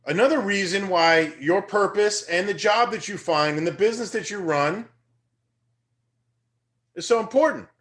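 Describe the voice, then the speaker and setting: A young man, a teacher, giving a conversational and energetic motivational lecture that rises into emphatic bursts. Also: high voice, normal speed, pauses often.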